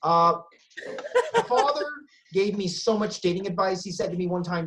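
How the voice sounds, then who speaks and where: A man's voice: high-pitched, expressive, moderate pace, fairly bright tone. A man doing stand-up from home during lockdown. He swears freely and delivers punchy lines with sudden emphasis, often correcting himself mid-sentence. The sound comes through a video call. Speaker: stand-up comedian. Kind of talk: stand-up comedy set. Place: at home, self-isolating.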